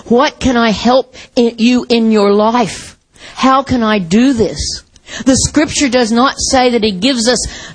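A woman's voice: medium pitch, breathy edge, rough recording. A woman pastor preaching a sermon in an earnest, heartfelt storytelling manner.

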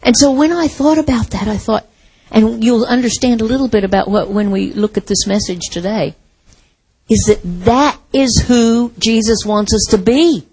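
A woman's voice: fairly high pitch, moderate pace, darkish tone, breathy edge, rough recording. A woman preaching a sermon in a reflective, conversational way, asking the congregation rhetorical questions.

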